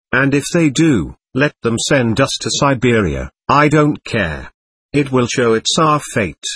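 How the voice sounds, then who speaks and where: A man's voice: mid-range voice, fairly bright tone, slightly rough, no room sound, exaggerated voice. A man voicing a passionate, anguished young prisoner, speaking fervently and pleadingly.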